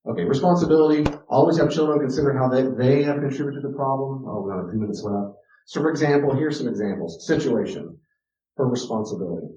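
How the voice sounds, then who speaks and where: A man's voice: mid-range voice, fast, dark tone, slight background noise. A middle-aged man teaching a parenting class, telling stories about raising his son and repeating words for emphasis. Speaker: teacher giving a parenting talk. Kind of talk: lecture with personal stories. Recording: roomy and distant, dull archive recording.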